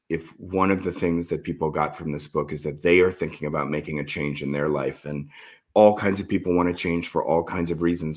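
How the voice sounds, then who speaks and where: A man, the author, talking earnestly and with feeling about his novel in an interview. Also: sits low. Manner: earnest, heartfelt and reflective.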